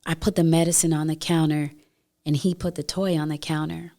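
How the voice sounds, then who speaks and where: A middle-aged woman from the United States talks as a podcast guest, with a voice that sits a little low. She tells her stories in an animated way and slips into the voices of the people in them. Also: fairly quick. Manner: animated storyteller who acts out quoted voices. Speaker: guest, breathing educator. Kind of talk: conversational storytelling.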